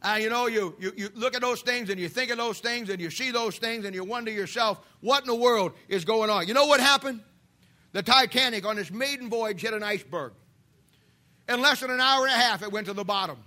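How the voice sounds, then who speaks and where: A preacher man delivering a fiery sermon, swinging between loud shouts and hushed asides. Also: extremely high pitch, brisk.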